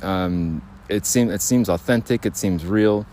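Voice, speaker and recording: A man's voice: sits low, measured pace, mellow, slight background noise. A man hosting a solo podcast, talking in a rambling way, restarting his sentences and laughing at himself. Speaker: podcast host.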